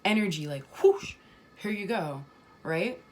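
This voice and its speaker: A woman's voice: lowish voice, expressive, moderate pace. A woman talking casually about spirituality to her viewers, emphatic and repetitive, swearing now and then. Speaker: spiritual vlogger.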